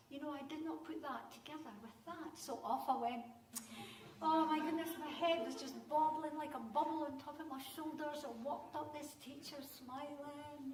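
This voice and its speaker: Older Scottish storyteller woman, comic and animated, miked from a distance in a conference hall. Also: sits high, slight background noise. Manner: lively, comic, animated delivery. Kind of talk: live storytelling to an audience. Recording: roomy hall sound, distant mic.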